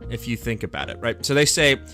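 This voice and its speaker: A young man talks through his gameplay stream in a loose, rambling way, upbeat and thinking out loud. His voice sits at an ordinary middle pitch, with quiet music playing underneath. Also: expressive, fast talker. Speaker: game streamer. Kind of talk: casual live gameplay chat. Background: faint background music.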